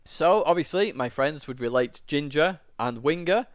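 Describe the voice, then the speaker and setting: A man's voice: fairly high pitch, lively intonation, moderate pace, no echo, studio quality. A young man, a YouTuber, telling a long personal story to camera in a rambling, casual way. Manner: rambling, lots of fillers, tearing up at moments.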